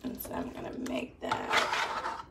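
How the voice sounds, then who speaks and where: A woman's voice: slow, very noisy. A woman hosting a casual cooking stream from a home kitchen, chatting loosely while she cooks and sharing faith-based encouragement. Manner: chatty, preachy, loose and conversational. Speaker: cooking show host.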